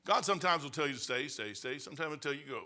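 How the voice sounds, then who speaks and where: A man in his sixties preaches with a bright, forceful voice that sits a little high for a man. He moves between emphatic points and folksy storytelling, peppered with quick asides. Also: animated. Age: 60s. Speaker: pastor. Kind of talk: sermon.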